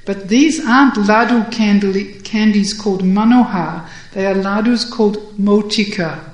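Playful young hero, flustered and fake-angry, as a reader does him, slow, echoey. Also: medium pitch, close to an everyday voice. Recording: roomy echo.

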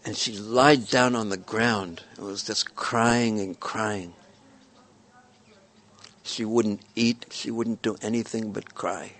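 A man telling a devotional story in a gentle, repetitive storytelling manner. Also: lowish voice, fairly even intonation, slow.

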